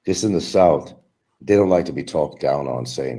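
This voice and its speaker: A man's voice: a bass voice, lively intonation, moderate pace, warm tone. A man hosting a stream, giving a combative, mocking monologue aimed at absent rivals. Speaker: livestream host. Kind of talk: ranting monologue.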